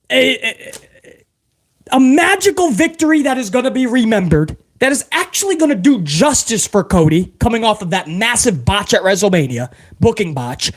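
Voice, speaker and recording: A male host talks in a high voice that swings all over the place while he takes viewer questions on a live stream. He is loose and profane, and he reacts hard to what he reads out. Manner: animated, profane, casual. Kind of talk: live-stream wrestling review chat.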